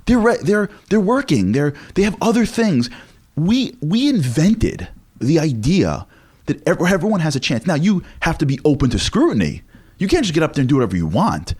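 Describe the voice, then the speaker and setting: A man in his forties, a lecturer speaking as a guest in an interview, telling stories in an animated way with frequent restarts. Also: on the high side, husky. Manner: animated, fast, with many restarts. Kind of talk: conversational storytelling interview.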